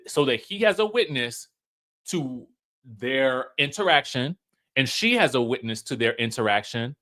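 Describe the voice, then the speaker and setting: A man giving a casual commentary recap of a reality show, chatty and emphatic, acting out what the cast said. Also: mid-range voice. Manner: animated storytelling, acts out quotes in raised voices.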